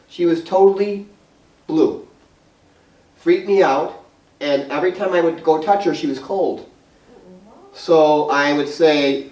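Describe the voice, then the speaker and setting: A man with a New York accent telling a long, animated story to a small group, rambling with restarts and laughter. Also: on the high side, moderate pace. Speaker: guest speaker. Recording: roomy hall, mic far off.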